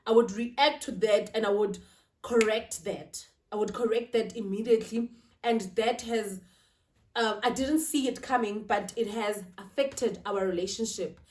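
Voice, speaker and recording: Emotional woman vlogging in a roomy space. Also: a little high. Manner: emotional, confiding, checks in with "right?". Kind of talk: casual talk to camera. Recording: roomy, slightly distant.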